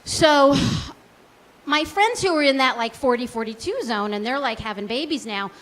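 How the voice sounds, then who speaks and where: A woman's voice: high-pitched, lively intonation, moderate pace, a bit bright. A woman in her forties doing a stand-up comedy set, chatty and self-deprecating, full of likes and ums. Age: 40s. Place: small comedy club stage.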